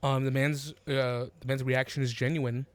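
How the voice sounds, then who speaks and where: A man's voice: mid-range voice, level tone, moderate pace. Hesitant man narrating as game master. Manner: hesitant, lots of ums and restarts.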